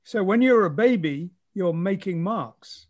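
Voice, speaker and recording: A man's voice: sits high, expressive, measured pace, darkish tone. A man speaking as a guest in a casual conversation, thoughtfully explaining ideas on drawing at length, as an art teacher.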